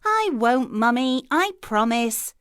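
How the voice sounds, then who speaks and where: A woman voicing a trusting little girl in a storybook, speaking in a high, bright childlike voice. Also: sing-song, slow pace, smooth, dry recording, clean studio sound, heavily acted. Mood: eager. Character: little girl in a red cloak, eager and trusting.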